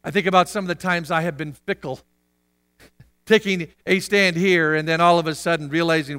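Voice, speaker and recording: A man preaching a sermon as a pastor, animated, at times shouting out the cries of a crowd. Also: a little high, moderate pace. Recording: long reverb of a hall.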